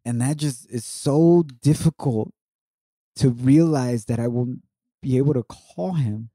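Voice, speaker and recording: A man in his thirties talks through a painful personal loss with a heartfelt, reflective manner, now and then slipping into Spanish phrases. His voice is mellow and warm in tone, recorded close and dry. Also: medium pitch, measured pace, no room sound. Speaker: podcast co-host. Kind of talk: emotional personal testimony.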